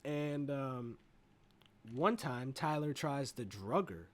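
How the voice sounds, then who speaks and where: A man's voice: mid-range voice, animated, slow pace. Rambling profane man reviewing a movie. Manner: rambling, profane, full of fillers like "you know". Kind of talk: casual movie review retelling.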